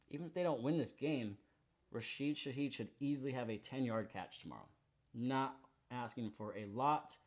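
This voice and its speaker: A young man hosting a sports betting show, running through his picks in a slangy, hyped, confident way. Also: medium pitch. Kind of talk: casual betting picks rundown.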